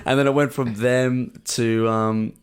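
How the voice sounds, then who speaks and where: A man's voice: mid-range voice, measured pace, smooth. A young man with an Australian accent, co-hosting a podcast and telling stories in casual chat, acting out quotes as he goes. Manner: animated storyteller, acts out quotes. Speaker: podcast co-host.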